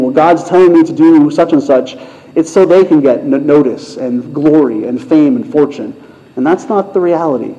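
A pastor giving a sermon, retelling a story in a conversational way. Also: male voice, on the high side, dark tone. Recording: muffled lo-fi sound.

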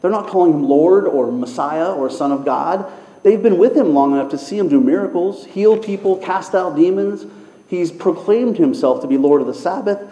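A man's voice: high-pitched, normal speed, dark tone. A man preaching a sermon in an earnest, repeating cadence, as a pastor. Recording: echoey hall with long reverb.

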